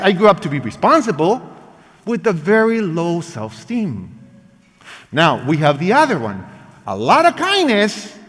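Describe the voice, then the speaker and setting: A man presenting a parenting workshop in a lively teaching style, emphatic and animated, speaking English with non-native phrasing. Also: high-pitched. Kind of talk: lively teaching talk acting out parent and child lines. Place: church hall. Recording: long reverb of a large hall.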